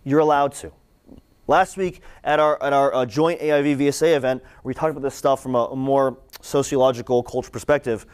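A young man giving a conversational sermon-style talk to students, animated and repeating phrases for emphasis. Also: mid-range voice, brisk, smooth. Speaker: campus ministry speaker.

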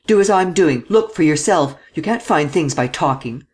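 Grumpy chief detective in an audiobook barking orders, snappy and curt, slightly high voice, man reading. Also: lively intonation, normal speed, husky. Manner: curt, commanding. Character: curt ill-tempered male chief detective.

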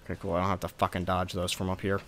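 A man's voice: low-pitched, completely flat delivery, rapid-fire, a bit bright, a little hiss or hum. A man giving profane, sarcastic gameplay commentary, ranting at a boss fight. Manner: profane, ranting frustration at the game. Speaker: let's play gamer.

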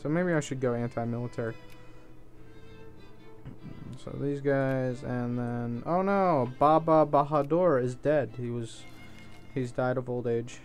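A man's voice: medium pitch, a little slow, long pauses, soft background music. A man giving casual gameplay commentary, thinking aloud in an offhand way and swearing now and then. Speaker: let's play host.

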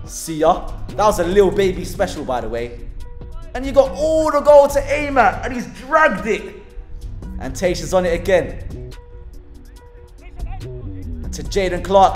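Give me a high-pitched man, a team manager, excitedly commentating over match footage with faint music behind. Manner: excitable, teasing, laughs at his players.

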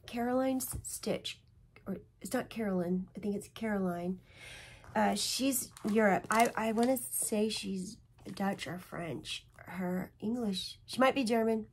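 A middle-aged woman with a medium-pitched, slightly rough voice vlogs casually from home about cross-stitch. She rambles and chats, often restarting and correcting herself.

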